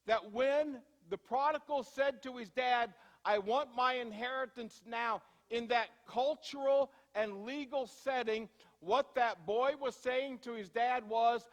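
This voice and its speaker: A man preaching a sermon as pastor in a church, telling everyday stories in a conversational way, slowing down to stress points and speeding through asides. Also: extremely high pitch, in a large hall. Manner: conversational storytelling, shifting from slow emphasis to quick asides. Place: church sanctuary.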